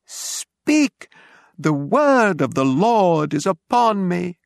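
Crazed curate wailing woe, way high and loud, dry close audiobook sound. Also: male voice, big pitch swings, extremely slow, creaky, no room sound, exaggerated voice. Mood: shouting. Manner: shouting, wailing prophetic cries. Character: frenzied male curate preaching doom, half-mad.

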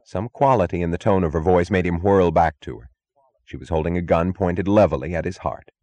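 Deep-voiced man narrating an audiobook. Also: warm tone, no echo. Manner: measured, dramatic reading. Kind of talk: scripted narration.

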